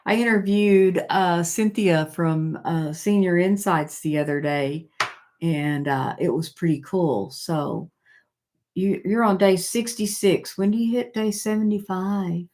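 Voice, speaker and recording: An older woman hosts a relaxed live stream, talking slowly with a somewhat low voice. She reads out viewer comments and chats back to them, and her speech is halting and full of fillers and restarts. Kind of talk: casual live-stream chat, reading viewer comments aloud.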